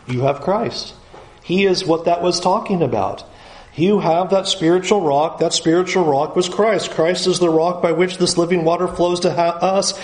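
Male preacher, high voice, roomy echo; dynamic delivery swinging from loud climbs to hushed lows. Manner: swings from loud rising emphasis to low quiet pleading, slows on key words. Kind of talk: sermon.

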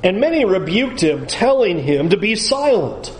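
Emphatic high-voiced male preacher. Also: very animated, moderate pace, roomy sound, low-quality recording. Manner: emphatic, urges listeners to picture the scene. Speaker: pastor. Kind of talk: sermon.

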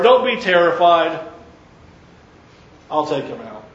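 A man preaching, retelling a story with lively, acted-out dialogue. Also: high-pitched, unhurried, echoey room, lo-fi sound. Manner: animated retelling, acting out quoted characters. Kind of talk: sermon storytelling.

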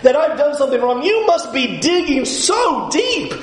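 A man's voice: extremely high pitch, a little slow, roomy sound, pitched above the performer's own voice, low-quality recording. A man voicing an anguished suffering man who pleads with God in exasperation. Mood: exasperated.

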